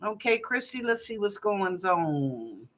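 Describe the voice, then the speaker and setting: Woman psychic host, live online readings from her apartment; bright tone, chatty and animated, drawls phrases for effect. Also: mid-range voice, takes it slowly. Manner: animated and playful, drawing out phrases, chatty asides. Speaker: psychic reader and show host. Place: apartment at home.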